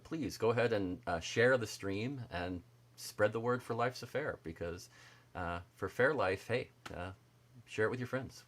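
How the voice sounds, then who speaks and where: A man hosts a relaxed livestream. He chats loosely with his viewers, greets them by name, and talks with plenty of "uh"s and restarts. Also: on the low side. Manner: chatty, reads viewer comments aloud, frequent fillers and restarts. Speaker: livestream host. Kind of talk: casual livestream chat.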